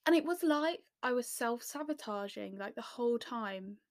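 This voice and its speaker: A young woman from the English Midlands telling a story to camera in a chatty, self-deprecating way, with quick asides. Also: fairly high pitch, lively intonation, no echo, clean studio sound. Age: young adult.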